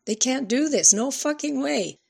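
A woman reading an audiobook voices a defiant, foul-mouthed teenage girl who yells and sneers. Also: medium pitch, lively intonation, a little slow, slightly rough. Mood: furious. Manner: yelling, cursing, sarcastic.

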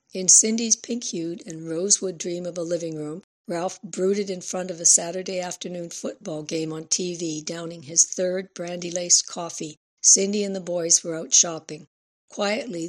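Audiobook narrator, woman, steady and low. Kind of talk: scripted narration.

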